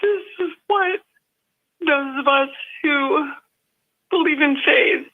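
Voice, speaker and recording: Taking her time, a high-voiced woman phones in to a live show for an emotional chat. Tearful, she tells a heartfelt story in rambling fits and restarts.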